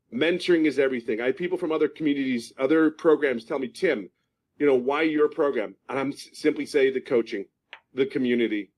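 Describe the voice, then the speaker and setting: A man's voice: a little high, low-quality recording. A man in his fifties from Philadelphia giving a passionate testimonial, emphatic and repeating himself for stress. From Philadelphia, USA. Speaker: program member giving a testimonial. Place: at home in California.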